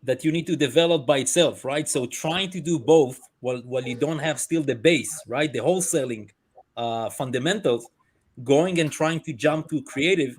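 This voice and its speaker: Slightly high man, leaning on "right?". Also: moderate pace, breathy edge. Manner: repeats "right?" and "you know" often. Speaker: co-host. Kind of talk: casual interview.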